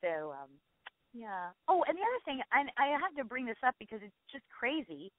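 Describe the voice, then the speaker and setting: A woman's voice: a little high, big pitch swings, no echo. A middle-aged actress chatting effusively as an interview guest, often restarting her sentences. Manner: effusive, chatty, quick self-corrections. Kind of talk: casual interview chat. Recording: dry tinny phone line.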